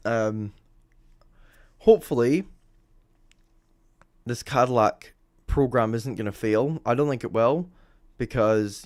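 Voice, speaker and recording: Young Scottish man, casual livestream commentator, mid pitch, dry close sound. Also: darkish tone, no room sound. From Scotland. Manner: rambling, chatty, lots of ums and self-corrections. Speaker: motorsport livestream host. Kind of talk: live commentary over timing screens.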